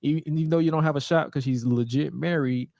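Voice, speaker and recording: A man in his thirties co-hosting a podcast, telling stories in a casual, animated way, swearing freely and using lots of fillers. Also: on the high side, fairly quick, gravelly, no room sound. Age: 30s. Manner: animated, profane storytelling with many fillers. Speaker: podcast co-host. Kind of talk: casual chat.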